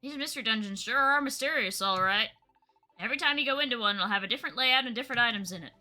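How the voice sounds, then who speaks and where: A woman's voice: on the high side, quick pace, sharp tone, soft background music. A woman voicing a folksy male leaf creature guide with a Southern drawl, reading game dialogue aloud. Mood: reassuring. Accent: American Southern. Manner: drawling, homespun phrasing.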